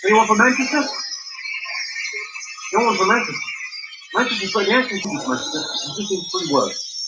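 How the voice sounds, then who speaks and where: High, lively comedian doing crowd work. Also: male voice, fairly quick, noisy background. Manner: banters with the audience, mimics regional accents. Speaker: stand-up comedian.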